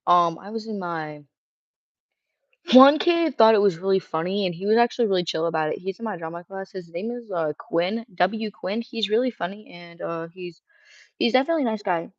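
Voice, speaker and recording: A streamer with a feminine-sounding voice, casually ranting and rambling, cursing freely and reading chat questions aloud. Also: female voice, medium pitch, animated, fairly quick, no room sound. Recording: dull lo-fi dry mic sound.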